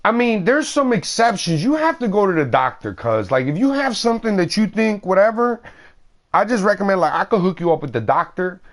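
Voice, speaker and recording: A man's voice: high-pitched, sing-song, brisk. Slangy, rambling man streamer. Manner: slangy, rambling, swears a lot. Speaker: gaming streamer. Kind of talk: casual chat during a game stream.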